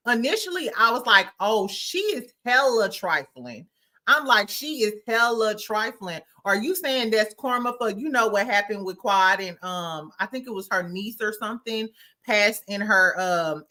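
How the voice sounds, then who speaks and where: A woman's voice: on the high side, lively intonation, moderate pace, pushed and bright. A woman hosting a casual, slangy recap chat, acting out quotes and laughing often. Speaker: podcast host.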